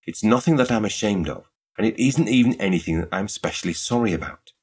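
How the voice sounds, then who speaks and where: A man putting on a brisk, exasperated young shopgirl. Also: fairly low pitch, lively intonation, darkish tone, breathy edge, voice pushed up. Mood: earnest. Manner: impatient, emphatic. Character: young woman shop attendant, brisk and exasperated.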